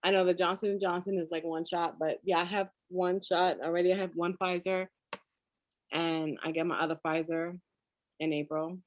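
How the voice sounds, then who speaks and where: A woman's voice: lowish voice, little pitch movement, normal speed, dry recording. A woman guest chatting casually in an interview, telling stories and laughing often. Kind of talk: casual chat. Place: lives in Florida.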